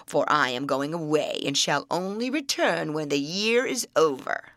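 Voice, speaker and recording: A woman voicing a gruff, scheming old male troll who speaks slowly and menacingly. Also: expressive, fairly bright tone, no room sound. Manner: slow, booming and menacing.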